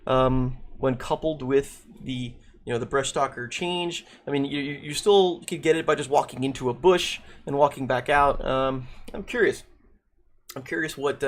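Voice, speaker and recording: A man casually reading and reacting to game patch notes, thinking aloud with many restarts, saying he is losing his voice. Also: medium pitch. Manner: thinking aloud with frequent restarts and repeated words. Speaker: gaming video creator.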